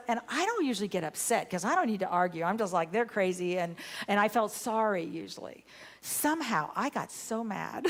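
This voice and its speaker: A woman minister giving a sermon, telling a story with animated, emphatic bursts. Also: a little high, fast talker. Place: church sanctuary.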